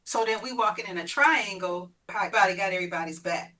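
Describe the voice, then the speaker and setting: A woman's voice: mid-range voice, quick pace, bright, forceful tone, far from the mic, poor audio. A woman guest telling her own story, vividly playing out the voices in it. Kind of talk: personal storytelling.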